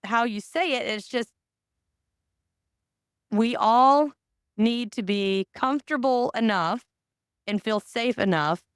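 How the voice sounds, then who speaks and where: A woman's voice: fairly high pitch, clean tone, no room sound, clean studio sound. Blunt, candid woman podcast host. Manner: blunt, candid, swears freely. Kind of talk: casual chat.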